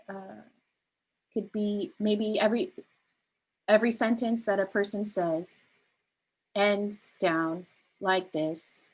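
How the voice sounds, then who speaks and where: A woman leading a beginner spoken word workshop, explaining delivery gently with frequent ums and restarts. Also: mid-range voice, rough recording. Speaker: workshop facilitator.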